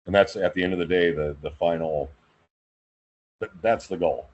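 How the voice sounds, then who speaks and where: A husky man with a lowish voice tells stories from the hangar floor in a lively, conversational way, doubling back on words as he goes. His voice comes through a somewhat dull, lo-fi recording. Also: normal speed. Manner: animated storyteller, repeats words while thinking. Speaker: aircraft quality control inspector, guest. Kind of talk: casual storytelling conversation.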